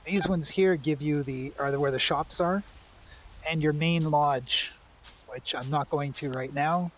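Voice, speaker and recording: Man, game streamer, slightly high voice, chatty, explains as he plays, faint background noise. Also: unhurried, rough recording. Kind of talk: live gameplay commentary.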